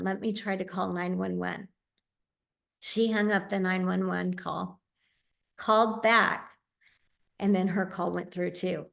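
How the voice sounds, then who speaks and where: A woman's voice: medium pitch, creaky. A woman telling a heartfelt personal story as a medium and speaker, earnest and sincere, with frequent small fillers.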